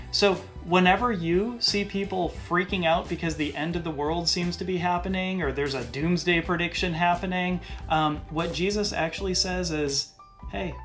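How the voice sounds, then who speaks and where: Man with a slightly high voice, teaching. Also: a bit bright, soft background music. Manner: conversational, slows down to stress key phrases. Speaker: podcast host. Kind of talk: casual Bible teaching monologue.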